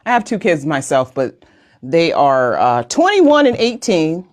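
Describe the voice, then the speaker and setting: A woman's voice: low-pitched, very animated, unhurried. An American woman in her forties who moderates a live online town hall, joking and rambling casually as she talks. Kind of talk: casual livestream chat. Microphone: video call.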